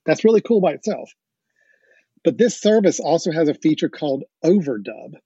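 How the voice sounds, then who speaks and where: A man's voice: on the high side, big pitch swings, moderate pace, warm tone, husky, no echo. A man hosting a podcast, explaining things with enthusiasm and the odd chuckle, on dull lo-fi audio. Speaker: podcast host. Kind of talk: casual podcast chat.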